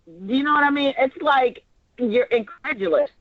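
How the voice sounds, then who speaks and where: Director type, lively and hands-on in rehearsal, muffled dry audio. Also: high voice, moderate pace, dry recording. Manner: animated, acts out lines mid-explanation. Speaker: director giving actors notes. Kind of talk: rehearsal notes, casual.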